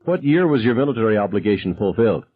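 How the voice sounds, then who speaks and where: Guy doing a wild high-pitched teen gunman, screaming questions, husky, lo-fi audio. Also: sing-song, fast. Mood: shrill, menacing. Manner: high, shrill interrogating shouts. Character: frantic male teen gunman, shrieking questions. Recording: dull lo-fi sound.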